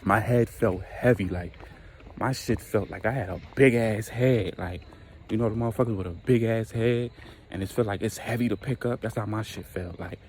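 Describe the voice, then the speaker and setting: Animated, profane young man telling a story. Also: fairly low pitch, a little hiss or hum. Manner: animated, profane, acts out his own reactions. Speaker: storyteller vlogger. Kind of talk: casual storytime monologue.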